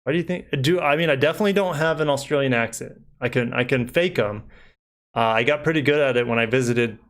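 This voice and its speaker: A man's voice: medium pitch, fast. A young man hosting a casual live stream as a car reviewer, rambling easily through viewer comments with many fillers. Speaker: car reviewer and channel host.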